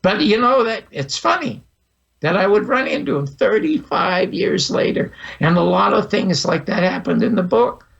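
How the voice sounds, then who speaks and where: A man's voice: sits high, expressive, normal speed, creaky, fairly bright tone, breathy edge. A man in his eighties, a podcast guest telling vivid personal anecdotes and acting out the dialogue. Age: 80s. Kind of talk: storytelling interview. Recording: dull lo-fi audio.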